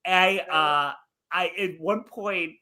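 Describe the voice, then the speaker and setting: A young adult man co-hosting a podcast, telling crude stories in casual comedic chat, animated and laughing as he goes. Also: sits high, takes it slowly. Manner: animated, swearing storyteller who laughs through his tales. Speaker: podcast co-host.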